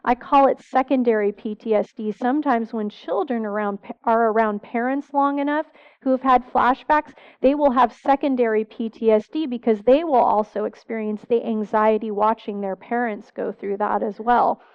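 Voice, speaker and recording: A woman's voice: a little high, moderate pace, few pauses, clear, resonant tone, highs cut off. A middle-aged woman therapist giving a church seminar talk, earnest, asking the audience questions as she lists symptoms.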